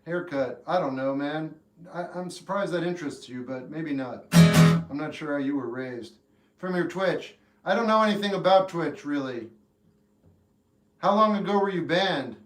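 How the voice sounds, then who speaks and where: A man with a slightly high voice chats casually, answering questions in flat, clipped replies. His voice rings in an echoey room while faint guitar music plays behind him. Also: moderate pace. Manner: deadpan, laconic short answers. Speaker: livestream host answering chat. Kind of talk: casual chat.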